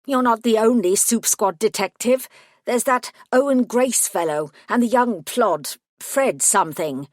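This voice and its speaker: A woman voicing a prickly male gremlin solicitor who talks in a sharp, scornful, clipped way. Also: fairly high pitch, a little slow, dry recording, studio quality, pitched above the performer's own voice, natural voice. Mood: angry.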